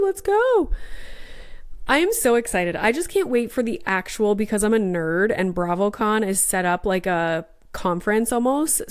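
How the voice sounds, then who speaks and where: Chatty woman in her thirties, host of a mom podcast; bubbly, smooth clear voice, a little stuffy from a sinus infection. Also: mid-range voice. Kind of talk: casual chat.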